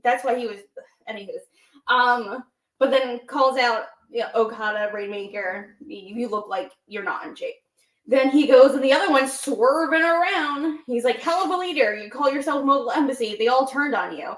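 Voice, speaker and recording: A woman co-hosting a wrestling chat show, retelling a promo line by line and slipping into the speakers' quoted words. Her voice sits a little high and carries the echo of a roomy space. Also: normal speed. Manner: recaps promos with quoted impressions. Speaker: podcast co-host.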